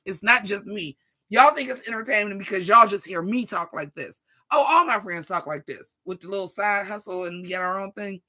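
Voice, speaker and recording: Vlogger, 40s, sassy profane rant to camera, crisp bright tone. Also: mid-range voice, a little fast. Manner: profane, sassy, animated, talks straight to viewers.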